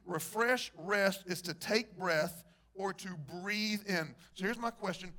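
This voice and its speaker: Male pastor with a high voice, lively preaching that quizzes the congregation. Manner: animated preacher, asks the congregation questions. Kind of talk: sermon.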